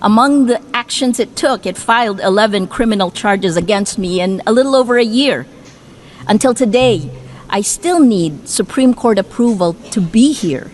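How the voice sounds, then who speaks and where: A woman from the Philippines delivering a formal prepared speech to an assembly. She speaks in a measured, emphatic way with deliberate pauses. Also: medium pitch, animated. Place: large assembly hall.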